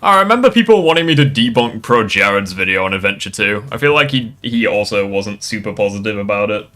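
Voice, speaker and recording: A man's voice: fairly low pitch, expressive, quick pace, pushed and bright, soft background music. A man hosting a casual reaction chat, rambling, laughing and swearing often. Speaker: streamer host.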